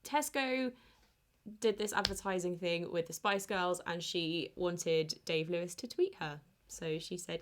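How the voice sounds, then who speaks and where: A woman's voice: on the low side, fairly even intonation, slight background noise. Chatty woman quiz host. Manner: chatty, teasing, quick asides. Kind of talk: casual quiz answer readout.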